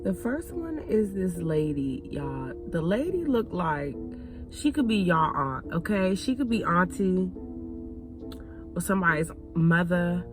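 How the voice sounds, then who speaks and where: A woman's voice: lowish voice, big pitch swings, a little slow. A woman hosting a video, casually telling a story to her viewers and chatting with them as "y'all". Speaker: video host. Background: music.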